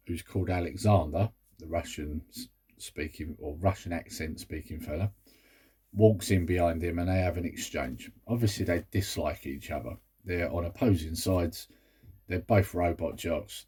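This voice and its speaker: A man's voice: deep voice, a little mellow, slightly rough. A British man talking casually about a film he reviews, rambling with exasperated asides. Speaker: movie review vlogger. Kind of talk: casual chat.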